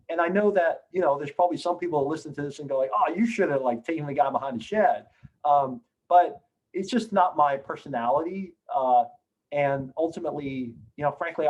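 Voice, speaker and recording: A man's voice: a little high, darkish tone, highs cut off. A middle-aged man telling a career story in a Q&A, rambling with many fillers and restarts. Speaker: guest on a Q&A session. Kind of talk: storytelling in a recorded Q&A.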